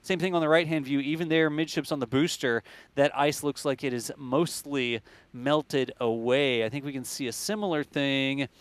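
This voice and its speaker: A man's voice: medium pitch, normal speed, clean tone, no room sound. A man hosting casual live commentary on a rocket test, chatty and joking as he explains things plainly. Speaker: livestream host.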